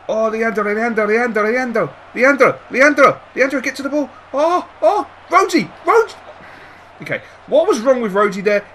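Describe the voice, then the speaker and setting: A man commentating his own football video game, muttering over plans and then yelling and swearing at the match. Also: on the high side, a little hiss or hum. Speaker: gaming YouTuber. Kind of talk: let's-play commentary.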